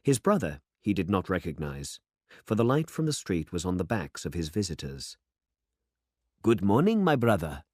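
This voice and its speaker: A man narrating a story for English learners in a measured, deliberate manner. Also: low voice, sing-song, no room sound, studio quality.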